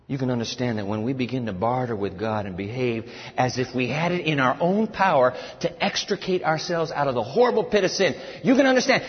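A man preaching a sermon to a congregation, animated, acting out a pleading servant in a whiny high voice. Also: fairly quick, few pauses. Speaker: pastor. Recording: dull, lo-fi audio with long hall reverb.

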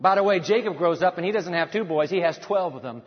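A man delivers a sermon in a high, ringing voice, pressing his points with emphatic repetition and rhetorical questions. The recording sounds dull and muffled, with a long reverb trailing behind his words as in a large sanctuary. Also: animated, quick pace. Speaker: preacher.

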